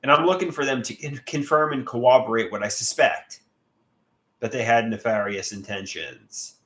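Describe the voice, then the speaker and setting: A man's voice: mid-range voice, moderate pace, a bit bright, reverberant. A man streaming live and reading chat, talking in an agitated, repetitive way with many stumbling restarts.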